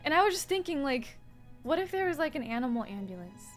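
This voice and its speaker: High-voiced young woman, rambling stream chat. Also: very animated, fast, faint music behind. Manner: rambling and profane, chatting with viewers. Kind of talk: casual chat while doing makeup on stream.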